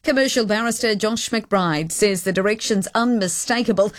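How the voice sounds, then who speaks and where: A woman's voice: medium pitch, no echo, studio quality. New Zealand woman reading radio news. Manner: measured, formal. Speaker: newsreader. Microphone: studio broadcast mic.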